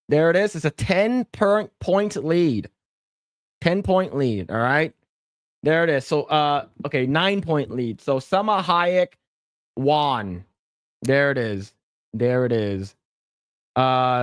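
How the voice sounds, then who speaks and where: Rambling podcast host, dry close mic. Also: male voice, on the high side, dry recording. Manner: rambling, repeats words, thanks donors. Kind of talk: casual livestream chat.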